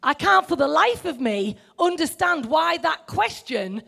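A woman's voice: high-pitched, very animated, unhurried, gravelly, pushed and bright. A middle-aged woman preaching a sermon in a conversational way, asking the listeners questions.

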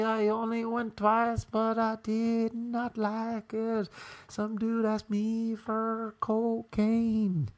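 A man's voice: sits high, steady tone, slow, no room sound. A man hosting a podcast, rambling through a crude comic monologue and breaking into bits of song. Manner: crude, jokey, breaks into sung snippets. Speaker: podcast host.

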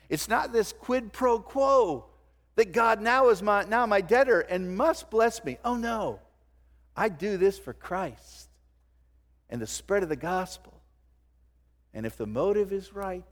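A man preaching a sermon to his congregation, swinging between loud emphasis and hushed low phrases. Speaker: pastor. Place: church sanctuary. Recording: long hall reverb.

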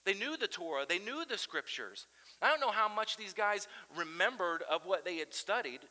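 A man preaching a sermon as pastor, animated and swinging between loud emphasis and quiet intensity. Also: high voice, normal speed, big-room sound, low-quality recording. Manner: animated preaching, chanting crowd shouts aloud.

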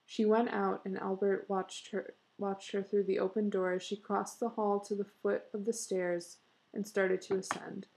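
A woman narrating a story in a measured, expressive way. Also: medium pitch, creaky, low-quality recording.

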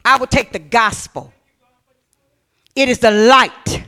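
A man pastor preaching a sermon, reading scripture aloud and questioning his congregation, rising to shouted emphasis. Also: extremely high pitch, fairly even intonation, takes it slowly, long pauses. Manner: reads scripture aloud and comments on it.

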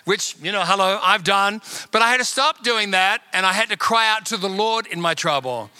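A man preaches a sermon in a high, piercingly bright voice. He presses his point again and again, calling on the congregation. The sound is close and dry. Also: normal speed, smooth, dry recording. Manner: emphatic, repetitive exhortation to the congregation. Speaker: pastor.

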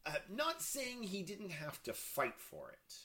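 A man co-hosts a casual film chat, his voice riding a lively, rather high pitch. He talks in halting bursts, restarting sentences and leaning on fillers as he works his way to a point. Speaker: podcast co-host.

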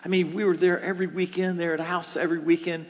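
Pastor, male, lively sermon delivery with hushed asides; reverberant room. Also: high voice, quick pace. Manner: animated, shifts between loud and whispered. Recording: echoey hall.

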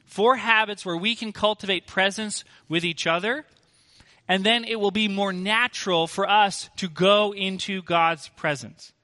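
A man's voice: sits high, steady tone, a little slow, bright, forceful tone, in a large hall. A man preaching a sermon as pastor, earnest and emphatic, asking rhetorical questions.

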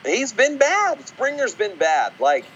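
A man's voice: very high voice, huge pitch swings, slow, crowd noise. Sarcastic man ranting over a dull line. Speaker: podcast co-host. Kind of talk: casual podcast chat.

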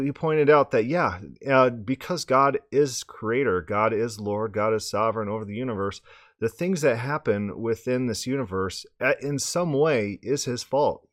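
A man with a hoarse, scratchy voice hosting a podcast, rambling casually and repeating words as he restarts his sentences. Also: medium pitch, no echo, clean studio sound. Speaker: podcast host.

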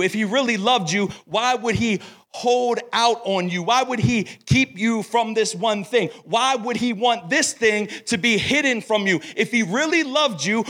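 High-voiced, energetic young man preaching. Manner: energetic, playful, self-described as extra. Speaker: camp speaker. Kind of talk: sermon.

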